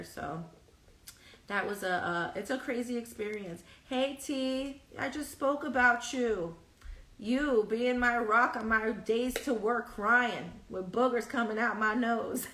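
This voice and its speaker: A woman's voice: fairly high pitch, fairly bright tone, reverberant, distant mic, low-quality recording. A woman hosting a solo podcast, talking candidly and emotionally, laughing often and acting out what others said. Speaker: podcast host.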